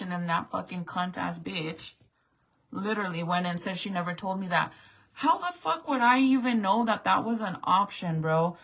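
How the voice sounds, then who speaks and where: A woman's voice: mid-range voice, a bit bright, low-quality recording. A middle-aged woman venting to her viewers in a profane, exasperated rant. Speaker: vlogger. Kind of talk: angry rant to camera.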